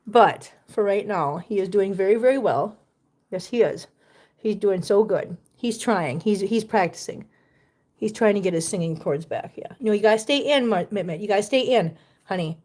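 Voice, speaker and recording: A woman's voice: medium pitch, lively intonation, normal speed, darkish tone. A woman chatting casually at home, talking doting baby talk to her cats and chatty asides to her viewers. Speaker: cat owner vlogger. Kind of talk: casual chat to pets and viewers.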